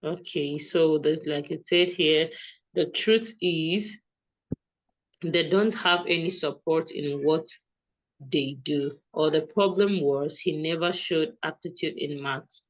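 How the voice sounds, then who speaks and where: A woman teaches English grammar to one student over a video call. Her voice sits a little low, and she explains step by step, repeating examples and asking if the student follows. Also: takes it slowly, rough recording. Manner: patient, checks understanding often. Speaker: English tutor. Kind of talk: online one-to-one grammar lesson.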